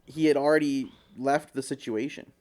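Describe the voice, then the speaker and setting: With a medium-pitched voice at a moderate pace, a man co-hosting a podcast spins a story in casual chat, cursing freely and performing other people's lines. Slight background noise is present.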